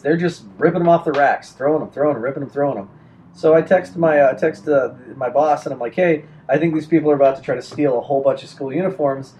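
A man's voice: fairly high pitch, darkish tone. A young adult man chatting casually and telling a rambling story, full of restarts and fillers.

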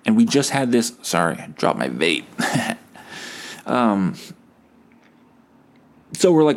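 A man's voice: medium pitch, expressive, slow, pauses often, darkish tone. A young man from Canada hosting a solo podcast, talking in a profane, sarcastic, rambling way. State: hungover. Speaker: podcast host. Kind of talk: casual solo rant.

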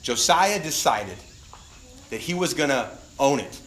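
A young adult man preaching a sermon as a pastor, animated and acting out the voices of people he quotes. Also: medium pitch, a little slow, a little hiss or hum. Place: church sanctuary. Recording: roomy church recording.

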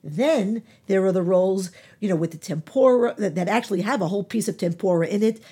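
A woman's voice: medium pitch, brisk, warm tone, husky. A woman giving informal nutrition advice, emphatic, repeating key words and using many fillers. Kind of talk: informal health talk.

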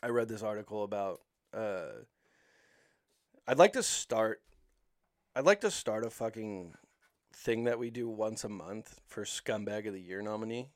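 A man's voice: fairly low pitch, expressive, unhurried, pauses often, no echo, clean studio sound. A man in casual chat with friends, telling animal stories in a rambling, profane way with lots of filler words.

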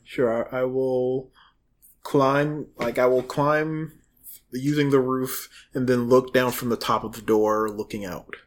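A man's voice: mid-range voice, fairly even intonation, measured pace. A man playing a tabletop game, asking questions about the scene and planning his moves. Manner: curious, asks many questions. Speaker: player.

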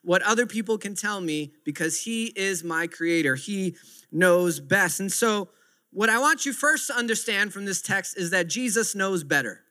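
A man's voice: high voice, animated, moderate pace, sharp tone. A man in his thirties preaching a sermon with earnest, repetitive emphasis. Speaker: pastor.

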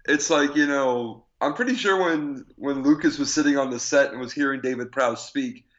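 A man's voice: medium pitch, unhurried, pauses often, a bit bright. A man talking casually as a co-host, rambling along with lots of fillers and restarts. His voice sits mid-range, and he laughs easily. The recording is slightly dull and lo-fi. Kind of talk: casual chat.

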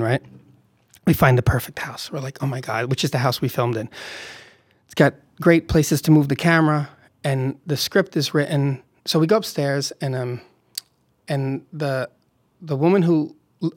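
A man, a film director, telling an animated anecdote in conversation and acting out quotes. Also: medium pitch, no room sound, studio quality. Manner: animated storyteller, acts out quotes, laughs often.

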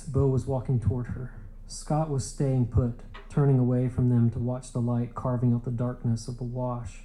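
Male audiobook reader, deep mellow tone, steady unhurried pace. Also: rough recording. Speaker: audiobook narrator. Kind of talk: literary audiobook narration.

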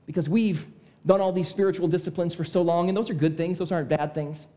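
A man preaching a sermon, emphatic and repetitive, dropping his voice low to drive home key points. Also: fairly even intonation, quick pace, dark tone.

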